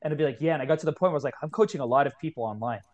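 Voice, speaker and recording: Fast-talking young man, earnest and heartfelt. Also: on the high side, a little mellow, lo-fi sound. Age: 20s. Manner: earnest, heartfelt storytelling, many "like" fillers. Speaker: guest, kettlebell coach. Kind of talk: casual podcast conversation.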